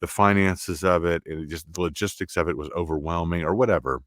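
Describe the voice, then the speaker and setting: Middle-aged Southern-raised narrator guest, booming low voice, halting and restarting, dry close sound. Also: male voice, a bit bright, no room sound. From American South. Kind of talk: casual interview chat.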